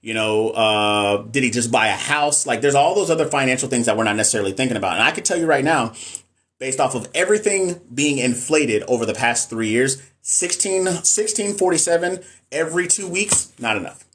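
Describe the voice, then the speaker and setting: A man's voice: mid-range voice, lively intonation, a little fast, fairly bright tone. A middle-aged man, a nurse and NCLEX coach, chatting casually on a live stream and answering viewer comments in a frank, emphatic way.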